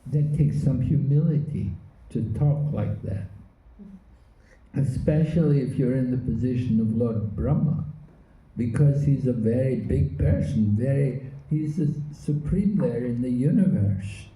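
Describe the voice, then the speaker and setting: A man teaching a scripture class, speaking slowly and deliberately, often pausing to search for words. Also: medium pitch, mellow. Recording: echoey room, phone-like lo-fi sound.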